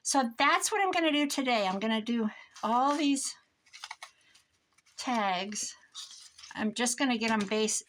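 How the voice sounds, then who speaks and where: A woman's voice: a little high, animated, measured pace, long pauses, fairly bright tone, slight background noise. An older woman from Iowa telling a rambling story in a casual chat while she crafts at her desk, laughing often. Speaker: crafter vlogger.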